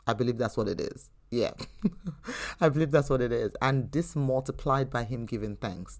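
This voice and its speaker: A woman's voice: extremely low pitch, a little mellow. A woman hosting a faith teaching podcast who talks earnestly and conversationally, telling personal stories with frequent restarts. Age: adult. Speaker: podcast host.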